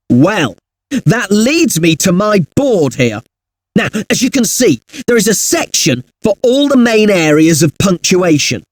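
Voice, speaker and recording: A man playing a friendly punctuation tutor, presenting educational software in an upbeat, chatty way, talking straight to the user. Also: high-pitched, dry recording, heavily acted.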